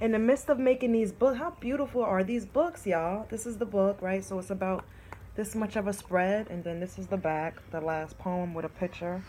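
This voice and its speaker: A woman's voice: mid-range voice, fairly even intonation, moderate pace, dark tone, slight background noise. A young woman, chatting on her vlog and reading her own poems aloud in a heartfelt, emotional way, calling her viewers y'all. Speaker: vlogger.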